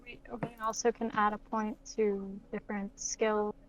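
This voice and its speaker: A woman's voice: medium pitch, normal speed, a little hiss or hum. A woman playing a tabletop game, asking the game master unsure questions about the rules. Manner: asks questions, flat and unsure. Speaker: player. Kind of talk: casual game chat over voice call. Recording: dull lo-fi voice-chat audio.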